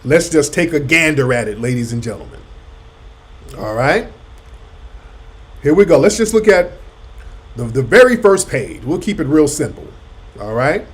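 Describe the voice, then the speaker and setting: A man's voice: on the high side, expressive, moderate pace, long pauses. A man hosting a talk show, mocking and arguing back at a clip he plays. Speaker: radio host. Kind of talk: commentary over a played clip.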